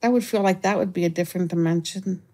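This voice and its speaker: A woman guest in an interview, telling a story in a casual, animated way, often restarting her sentences and acting out the people she talks about. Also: fast talker. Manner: animated, acts out callers with raised pitch, frequent restarts. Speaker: guest, former remote viewer.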